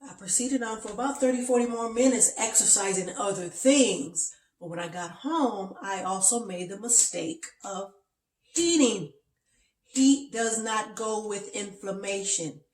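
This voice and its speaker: A woman's voice: mid-range voice, measured pace, darkish tone, echoey room, recorded from a distance. A woman chatting to camera from her bed and explaining things step by step. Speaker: vlogger. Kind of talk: casual talk to camera. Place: bedroom, lying in bed.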